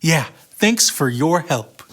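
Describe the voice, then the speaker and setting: A man narrating a Bible story for children in a dramatic, expressive way. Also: on the high side, slow pace, breathy edge.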